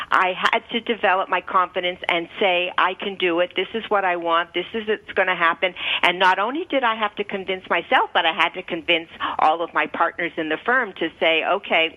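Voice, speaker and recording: Canadian woman recalling, muffled radio sound. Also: medium pitch. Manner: reflective, hesitant with restarts. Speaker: co-host, former stock trader. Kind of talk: casual radio talk. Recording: dull lo-fi radio audio.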